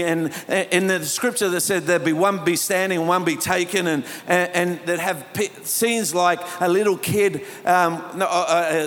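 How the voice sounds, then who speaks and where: A man preaching a sermon as a pastor, telling stories and rising to passionate, shouted appeals. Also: high-pitched. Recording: reverberant hall.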